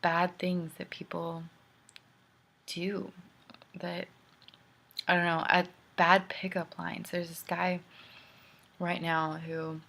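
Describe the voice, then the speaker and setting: A young woman talks straight to her camera in a candid, rambling rant, as if writing a video letter to a friend. Her voice sits a little on the low side, and she often drops into hushed whispered asides. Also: little pitch movement, slow pace, creaky, long pauses. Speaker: vlogger.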